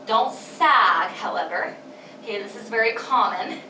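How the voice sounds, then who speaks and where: Pilates teacher lady, a bit winded, higher voice, counting reps in an echoey room. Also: unhurried, pushed and bright, slight background noise. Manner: encouraging, counts breaths and reps aloud. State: slightly out of breath. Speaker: pilates instructor. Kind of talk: guided workout instruction. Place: home workout space. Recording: echoey room, mic at a distance.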